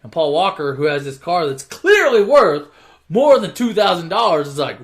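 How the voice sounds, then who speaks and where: A man's voice: fairly high pitch, very animated, moderate pace. A man casually retelling a movie plot as a comic story, offhand and profane, often correcting himself mid-sentence.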